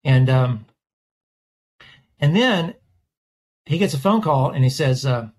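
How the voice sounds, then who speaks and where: A man's voice: medium pitch, normal speed, vocal fry, husky. A man, a portrait artist, telling a story in an interview and acting out the voices of the people in it. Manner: animated storyteller, acts out quoted voices.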